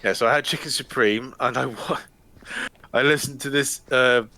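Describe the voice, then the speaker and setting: A man's voice: medium pitch, fairly even intonation, moderate pace, pushed and bright. A man hosting a gaming video, chatting casually and joking in a rambling way. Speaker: gaming channel host. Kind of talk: casual chat while playing.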